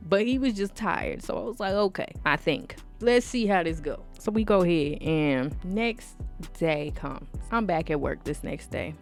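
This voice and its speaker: A woman vlogger telling a casual story time with animated, sassy emphasis. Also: on the low side.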